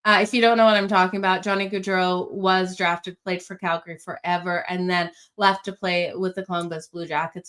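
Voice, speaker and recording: A woman's voice: fairly low pitch, a bit bright. A woman hosting a sports betting show, talking casually and upbeat, often addressing viewers directly. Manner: chatty, upbeat, addresses viewers as "you guys". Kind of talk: casual picks and predictions talk.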